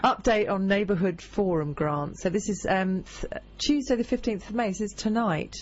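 A woman's voice: medium pitch, moderate pace, muffled recording, slight background noise. A woman with a New Zealand accent co-hosting a radio show, teasing her co-host and reading out event notices. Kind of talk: casual radio chat.

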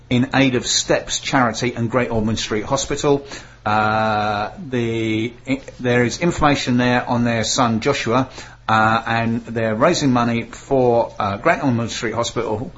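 A man's voice: mid-range voice, fairly bright tone, muffled recording, slight background noise. A man hosting a casual local radio talk show, reading out notices with frequent fillers. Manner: chatty, reads notices aloud with fillers and stumbles.

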